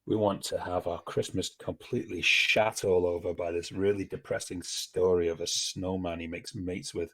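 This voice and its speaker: Low-voiced British man hosting a podcast. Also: fairly even intonation, moderate pace, few pauses, a bit bright. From Britain. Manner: chatty, laughs often, grumbling rants. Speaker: podcast host. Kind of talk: casual chat.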